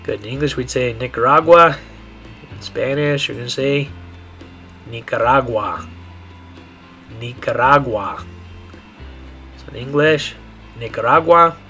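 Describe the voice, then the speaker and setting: A man giving a Spanish pronunciation lesson, repeating each word slowly and checking in with the learner. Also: mid-range voice, bright, forceful tone, soft background music. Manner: slow, repetitive modeling of words with frequent checks. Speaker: Spanish teacher.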